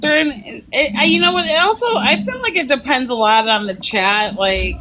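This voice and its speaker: A woman hosting a casual live stream chat, unhurried and laughing as she tells stories. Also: sits high, lively intonation, sharp tone, a little hiss or hum, poor audio.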